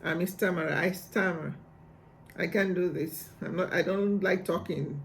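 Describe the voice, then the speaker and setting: Hesitant, pleading Moses read by a man, high voice, quiet and reluctant, Bible story. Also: normal speed, vocal fry, slight background noise. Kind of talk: Bible reading aloud.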